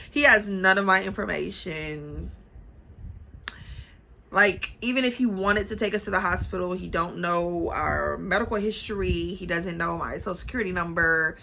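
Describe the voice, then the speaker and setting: A young woman telling a story to her camera in a casual storytime vlog, animated and sassy, calling the listener baby and honey. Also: mid-range voice, gravelly, rough recording. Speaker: vlogger.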